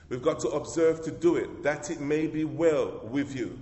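A male pastor with a slightly higher-than-usual voice preaches to his congregation. His delivery is emphatic, and he often calls the room to answer back. He repeats and restarts phrases as he goes, and his voice rings through a reverberant church hall. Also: moderate pace, hardly any pauses, a little mellow. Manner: emphatic preaching with call-and-response. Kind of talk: sermon. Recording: echoey hall with long reverb.

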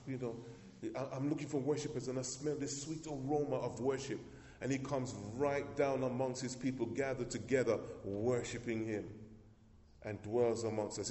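A male pastor delivering a sermon in a church hall, his mellow, warm voice carrying a long echo around the room. He preaches emphatically, repeating words and lifting his pitch to drive points home. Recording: echoey hall.

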